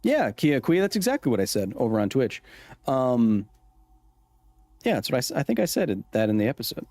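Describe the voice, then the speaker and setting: A man's voice: mid-range voice, very animated, fairly quick, a little mellow, dry recording. A man hosting a casual gameplay livestream, joking as he reads and answers his chat's messages. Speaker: livestream host.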